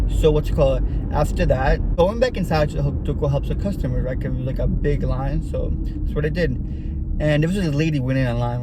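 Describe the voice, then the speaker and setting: A man's voice: on the high side, heavy background noise. Rambling young man telling a storytime. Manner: rambling, heavy filler words. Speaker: vlogger. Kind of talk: casual storytime vlog.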